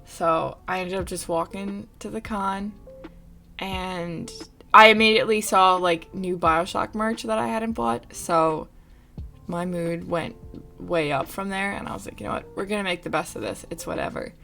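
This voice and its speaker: Animated young woman telling a story. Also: on the low side, moderate pace, gravelly, soft background music. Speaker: vlogger and streamer. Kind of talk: casual storytime.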